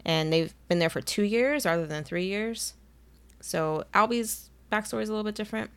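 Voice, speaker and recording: A woman's voice: mid-range voice, fairly quick, clear, resonant tone. A young woman co-hosting a podcast in casual chat, gushing like a fangirl and laughing often. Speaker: podcast co-host.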